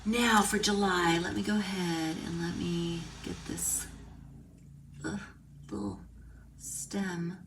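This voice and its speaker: A woman's voice: fairly low pitch, slow, pauses often. Middle-aged woman, crafting instructor, chatty, thinks aloud, off-mic, noisy background. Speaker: card-making instructor. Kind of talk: casual crafting tutorial. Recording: distant mic, noisy room.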